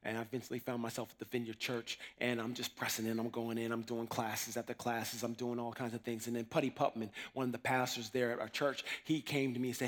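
A man preaching a sermon, telling his testimony in a slangy, animated way that swings from hushed asides to shouting. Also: mid-range voice, fast talker, few pauses.

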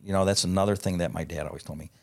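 Gravelly low-voiced man telling stories. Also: racing. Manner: profane, animated anecdote teller. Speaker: guest. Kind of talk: casual storytelling.

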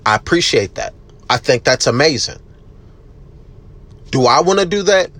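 A man's voice: a little high, expressive, normal speed. Blunt, profane man ranting on a podcast. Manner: loud at times. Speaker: podcast host. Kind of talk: casual solo podcast monologue.

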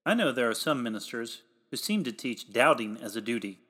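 A man delivering a read sermon in old-fashioned, formal pulpit language, emphatic and growing louder on the exhortations. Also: mid-range voice, expressive, fairly quick. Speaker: preacher.

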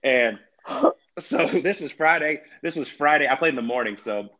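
A man's voice: mid-range voice, lively intonation, normal speed, bright, forceful tone, highs cut off. A middle-aged man, a retired golfer as podcast guest, telling stories in a chatty, laid-back way and laughing along. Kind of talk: casual podcast storytelling.

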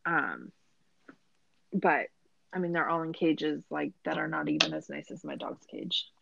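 A woman's voice: deep voice, very animated, a little slow, vocal fry, sharp tone, lo-fi sound. A woman hosting a podcast, recapping a show in a sarcastic, rambling casual chat with lots of filler words. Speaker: podcast host.

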